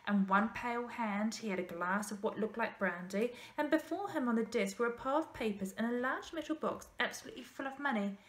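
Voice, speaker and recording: Bright-voiced teacher reading a story aloud. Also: female voice, on the high side. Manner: steady storybook narration with small slips. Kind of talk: reading a children's novel aloud. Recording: roomy echo.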